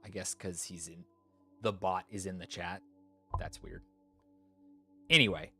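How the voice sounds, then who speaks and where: A man's voice: low voice, fairly even intonation, measured pace, bright, forceful tone, husky, faint music behind. A man streamer chatting casually and rambling, thinking aloud with fillers, sleepy. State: yawning, sleepy. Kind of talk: casual chat.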